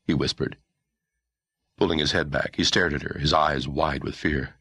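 A man narrating a historical novel audiobook in a measured, expressive storytelling manner. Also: extremely low pitch, breathy edge, no room sound, studio quality. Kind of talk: scripted narration.

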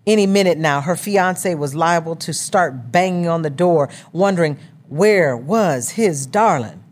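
A woman reading a novel as an audiobook narrator in a measured storytelling manner. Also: on the low side, animated, a little mellow.

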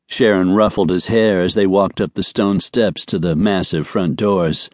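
List: male narrator, fairly low voice, measured storytelling, dry close mic. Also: fairly even intonation, darkish tone, dry recording. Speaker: audiobook narrator. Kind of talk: scripted narration. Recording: dry studio recording.

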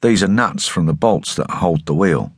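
A stern young revolutionary leader, hostile and curt, as a male narrator gives him voice. He sounds deep and a little husky, with lively pitch, from an audiobook. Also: normal speed, no room sound, clean studio sound. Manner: curt, accusing.

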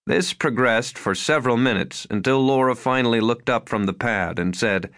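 Expressive male audiobook narrator. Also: on the low side, moderate pace, hardly any pauses. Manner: expressive storytelling. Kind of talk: scripted narration.

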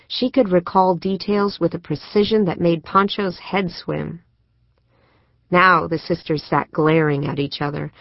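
A woman narrating a novel in a measured, steady audiobook reading. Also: fairly low pitch, no room sound. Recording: dry, slightly muffled studio recording.

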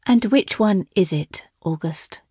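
A scheming male court official with a high, girlish voice, voiced by a woman. He speaks silkily and carries a quiet threat. The audiobook sound is close and dry. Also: lively intonation, slow, husky, no room sound, full character voice. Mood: silky. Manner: silky, threatening.

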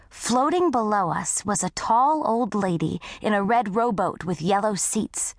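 A woman narrating a first-person audiobook story in a scripted, unhurried way. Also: medium pitch, lively intonation, no echo, clean studio sound.

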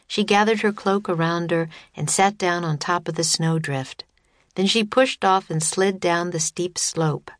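A woman reading her own children's book as an audiobook, with measured storytelling on a close studio mic. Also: on the low side, dry recording. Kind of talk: scripted narration of a children's audiobook.

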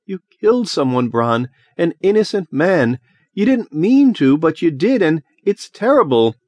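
A man's voice: fairly high pitch, lively intonation, moderate pace, no room sound, pitched above the performer's own voice, natural voice. A man voicing an anxious young man who pleads with his friend in a miserable, panicky way, in an audiobook. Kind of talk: audiobook character voice.

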